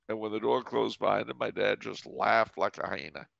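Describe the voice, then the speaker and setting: A man's voice: fairly low pitch, moderate pace, creaky, few pauses, a bit bright, no room sound, lo-fi sound. A man hosting a podcast, telling a story with dry, wry commentary. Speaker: podcast host.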